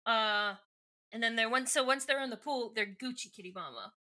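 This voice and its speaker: A woman co-hosts a podcast and talks through a book's plot in a loose, chatty way. She stumbles, restarts and corrects herself as she goes. Her voice is bright and sits a little high. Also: brisk. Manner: rambling, many fillers and self-corrections. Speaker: podcast co-host. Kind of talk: casual book recap chat.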